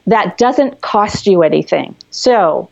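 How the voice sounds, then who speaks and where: A woman therapist talks a listener through calming techniques in a gentle, explanatory manner, often restarting her sentences. Her voice sits at an ordinary pitch. The audio is a little dull and muffled. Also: takes it slowly, creaky. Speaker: therapist guest. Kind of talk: conversational teaching.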